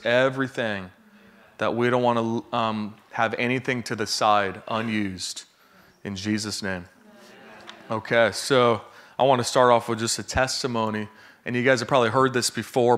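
A man preaching a sermon in a casual, conversational way, telling a story and often asking "okay?" and "you know?" along the way. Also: medium pitch. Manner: casual and conversational, with many fillers and tag questions; gets excited and laughs while joking.

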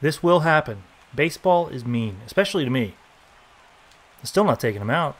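A young man giving casual, joking commentary while playing a baseball video game, reacting loudly to big plays. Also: mid-range voice, sing-song, brisk, slightly rough. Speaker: gaming YouTuber.

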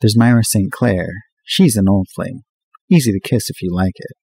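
A man's voice: on the low side, moderate pace, vocal fry, mellow, slightly rough, dry recording. A man doing a restless, vain college boy. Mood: boastful. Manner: eager, self-absorbed. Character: restless vain young male college student.

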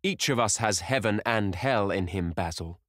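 A man voicing a bitter, brooding young gentleman. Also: sits low, fairly even intonation, moderate pace, no room sound, studio quality, natural voice.

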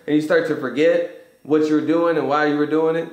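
A man's voice: on the high side, steady tone, fairly quick. Profane, emphatic man in an echoey room. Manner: profane, emphatic, street slang. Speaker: host. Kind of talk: casual motivational talk.

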